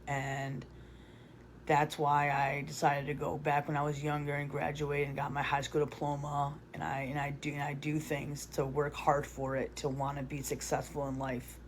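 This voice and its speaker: Woman rambling thru a confession, pretty flat monotone, restarts a lot, swears kinda casually. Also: deep voice, normal speed, slight background noise. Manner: rambling with many restarts and fillers. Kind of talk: confessional storytelling.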